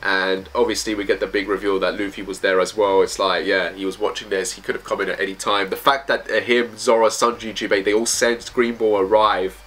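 A man's voice: on the low side, level tone, fairly quick, hardly any pauses, a bit bright. A man reviewing manga chapters in casual commentary, reading panels aloud in loose, slangy phrasing.

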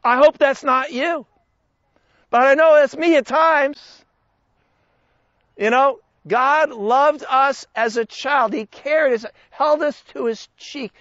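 A man teaching a Bible study as a sermon, slow and emphatic, with big swings in pitch and loudness. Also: no room sound, dull audio.

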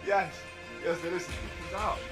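A woman hosting a reaction video, commenting casually and laughing loudly. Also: lowish voice, measured pace, far from the mic, music in the background. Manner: laughing, loud exclamations.

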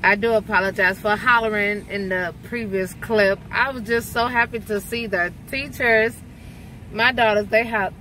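A woman's voice: mid-range voice, fairly even intonation, moderate pace, bright, forceful tone, slight background noise. A woman, a mother, chatting casually to her viewers in a vlog. She laughs often and talks straight to the camera about her day. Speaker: vlogger, mother. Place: outdoors and in a car, sunny day.

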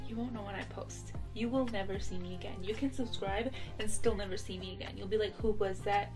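A young woman chatting casually to camera in her bedroom, rambling and giggling between asides. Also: mid-range voice. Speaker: vlogger. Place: bedroom at home. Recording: music playing in the background.

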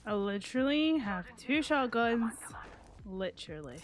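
A young woman giving casual, excitable commentary over her own gameplay as a gaming streamer, swearing freely and humming between sentences. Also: a little high, unhurried.

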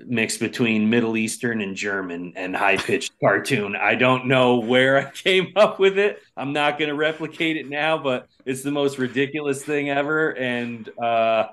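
A man's voice: mid-range voice, a bit bright. A man who drums in a band, answering podcast questions in a laid-back, hesitant way with lots of fillers. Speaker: drummer, podcast guest. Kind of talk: casual interview answers. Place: Hudson Valley, New York area home.

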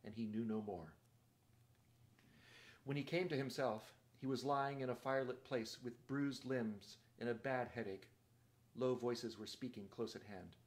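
A man reading a novel aloud in a steady, measured narrating voice. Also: mid-range voice. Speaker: reader.

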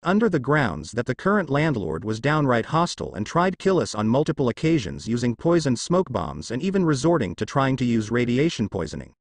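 A man's voice: mid-range voice, sing-song, fairly quick, few pauses, no room sound. A man reading a brash young ninja. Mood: defiant. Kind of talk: fan fiction read-aloud.

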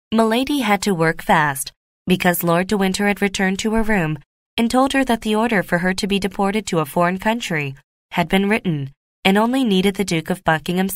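Steady woman narrating a graded reader. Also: medium pitch, dry recording, studio quality.

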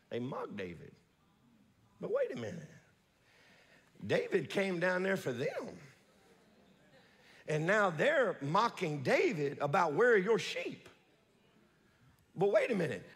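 A man preaches in a strikingly high, husky voice that swoops up and down. He tells the story with animated energy, calls out to his congregation and rises to shouting at the peaks. The sound rings with a long church-hall reverb. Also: takes it slowly, pauses often. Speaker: pastor. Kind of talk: preaching a sermon.

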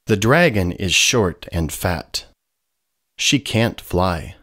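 A man narrating simple children's stories in a very slow, clear, sing-song reading. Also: sits low, expressive, a bit bright. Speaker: storybook narrator. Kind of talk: scripted children's story narration.

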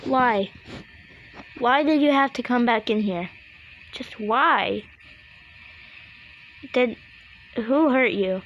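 A woman's voice: fairly high pitch, slow pace, pauses often, dull audio, slight background noise. A woman doing casual reaction commentary, frightened, pleading with the screen and repeating herself. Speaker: reaction video host.

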